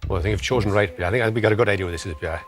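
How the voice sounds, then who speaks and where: A man's voice: on the low side, soft background music. A man on a quiz panel rambling hastily through what he remembers before handing the answer back. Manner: rambling, rushed.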